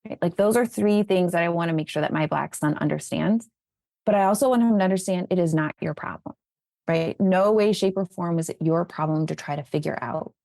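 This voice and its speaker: A woman's voice: fairly low pitch, a little fast, creaky, no echo, studio quality. A woman being interviewed as an educator, telling stories about raising children in an earnest, conversational way. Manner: earnest, animated when retelling conversations.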